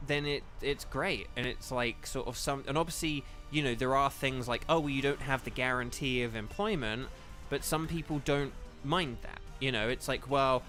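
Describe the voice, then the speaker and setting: A man's voice: medium pitch, moderate pace, fairly bright tone, soft background music. A young man chatting casually on a live game stream, rambling with lots of fillers and apologies, speaking into a desk microphone at home.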